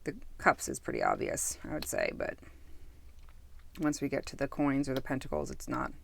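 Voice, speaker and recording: Low-voiced woman musing over a deck. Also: huge pitch swings, normal speed, gravelly, slight background noise. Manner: musing, self-interrupting, easily sidetracked. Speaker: tarot deck reviewer. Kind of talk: casual deck review.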